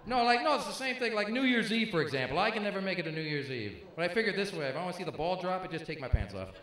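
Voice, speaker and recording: A stand-up comedian in his 50s performs in an echoey club, his voice high-pitched and very animated. He does punchy, teasing crowd work full of quick jokes, and the live recording carries crowd noise and audience laughter.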